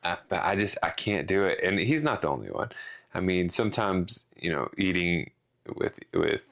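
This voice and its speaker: A man's voice: low-pitched, lively intonation, normal speed, creaky, fairly bright tone. A man co-hosting a casual podcast, rambling through a rant with restarts and some swearing. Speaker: podcast co-host.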